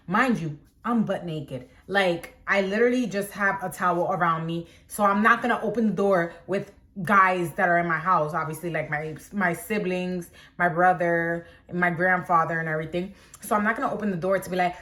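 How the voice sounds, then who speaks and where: A young woman talks to her camera in a casual storytime vlog. Her voice sits at an ordinary middle pitch. She tells it with animation and leaps higher when she acts out quoted lines. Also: moderate pace, a bit bright. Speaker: storytime vlogger.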